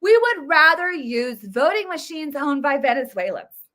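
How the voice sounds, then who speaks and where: A woman's voice: high-pitched, sing-song, unhurried, bright, forceful tone. A woman in her thirties hosting her own political commentary video, talking emphatically and casually with many fillers and restarts. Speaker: political vlog host.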